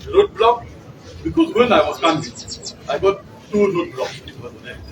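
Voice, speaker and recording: A man's voice: high-pitched, wildly swooping pitch, normal speed, a bit bright. A man with a Ugandan English accent, speaking as a candidate at a press conference and recounting exchanges. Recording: distant mic, noisy outdoor ambience.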